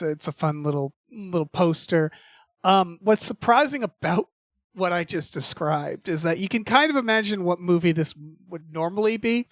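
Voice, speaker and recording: A man with a voice on the high side co-hosts a podcast, chatting casually. He rambles and hesitates, constantly restarting and using fillers, captured in a dry, clean studio sound.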